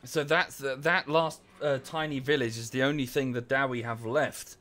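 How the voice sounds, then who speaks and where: A man's voice: mid-range voice, steady tone, moderate pace, bright, forceful tone. A young man giving casual live-stream commentary on a strategy game at home, chatty, easily distracted and apologetic. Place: room at home.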